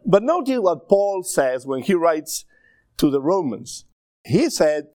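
Spanish-accented preacher, dry close sound. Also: male voice, fairly high pitch, sing-song, slow, dark tone, no echo. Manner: conversational, checks in with the audience. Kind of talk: sermon.

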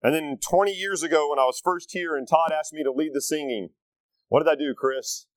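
A middle-aged man delivers a relaxed, conversational sermon. His voice sits a bit higher than most men's, and he keeps turning to the congregation with folksy asides. The sound is dry, with little room echo. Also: a little fast. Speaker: pastor.

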